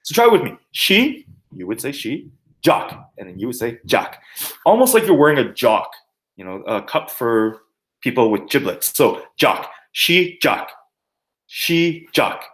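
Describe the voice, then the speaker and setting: Animated man teaching martial arts terms. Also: medium pitch, measured pace. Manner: animated, jokey, sings and mimics to teach words. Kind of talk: teaching terminology with playful mnemonics.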